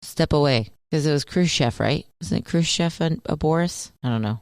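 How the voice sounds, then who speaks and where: A woman's voice: low voice, a little fast, darkish tone, no room sound. Playful woman radio co-host, dry studio. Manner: playful, tries silly impressions. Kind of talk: casual banter.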